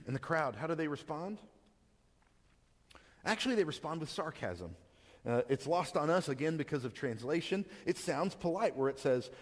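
A man's voice: fairly high pitch, lively intonation, normal speed, big-room sound. A man giving a sermon as a pastor, talking in a conversational way with frequent stammered restarts.

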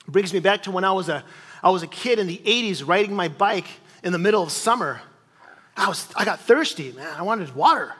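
Animated man preaching in a reverberant hall. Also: sits high. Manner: conversational and animated, with repeated phrases and questions to the audience. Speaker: pastor. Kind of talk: sermon.

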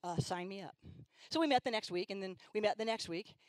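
Brisk and mid-range, a middle-aged woman's voice is heard in poor audio without echo. As a church speaker delivering a sermon, she tells stories with animation, frequently voicing young girls.

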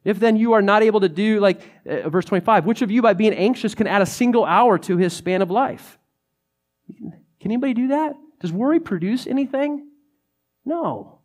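A young man preaching a sermon in a conversational, animated way, often saying "like". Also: sits high, moderate pace. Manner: conversational, animated, many "like" fillers.

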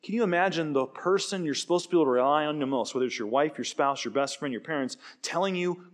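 A man preaching a sermon, telling stories in an animated way and acting out quoted lines. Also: a little high, quick pace, few pauses. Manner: animated storytelling with acted quotes. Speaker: pastor.

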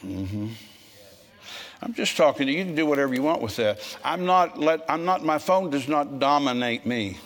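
A man preaching a sermon in a church, telling folksy stories in a frisky, forceful way. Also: a little high, lively intonation, moderate pace, big-room sound.

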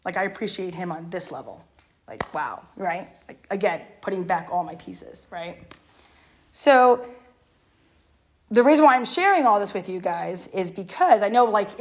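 A middle-aged woman youth leader sharing her personal story with a youth group in an earnest, emotional way, often asking "right?". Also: mid-range voice. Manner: earnest, tags lines with "right?"; emotional, near tears at times.

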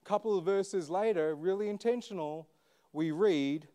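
A man delivers a relaxed, conversational sermon to his church. His voice sits a touch high yet sounds soft and mellow. He keeps it chatty, with many fillers, and puts questions to the congregation. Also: normal speed. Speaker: pastor. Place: church service.

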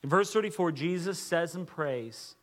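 A man preaching a sermon with earnest delivery, dropping to a hush when he reads quoted words. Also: on the high side, animated, moderate pace. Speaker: pastor.

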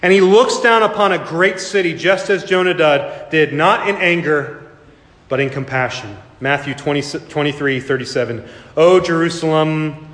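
Impassioned preacher in an echoey hall. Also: male voice, on the high side, normal speed, fairly bright tone. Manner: impassioned, rising to emphatic peaks. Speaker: pastor. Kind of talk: sermon. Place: church sanctuary.

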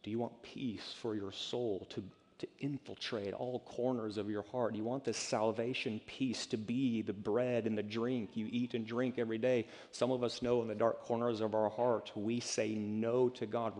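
Male pastor, mid-pitched, preaching in a church hall with long reverb. Rises to loud appeals, then drops to hushed words. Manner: swings from loud urgent calls to hushed near-whispers. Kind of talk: sermon. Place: church sanctuary.

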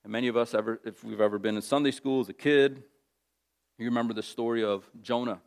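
A man's voice: medium pitch, fairly even intonation, quick pace, creaky. A man preaching a sermon in a casual, conversational way, telling stories with lots of animation. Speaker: pastor.

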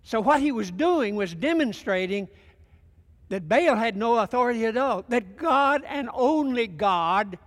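A man preaching a sermon, retelling a story in a folksy, animated way and acting out the quotes. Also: very high-pitched, measured pace. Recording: long hall reverb.

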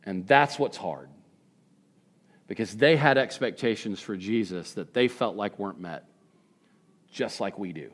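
A male pastor preaching a sermon in a conversational way, swinging between hushed reflection and emphatic questions. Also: fairly low pitch, moderate pace.

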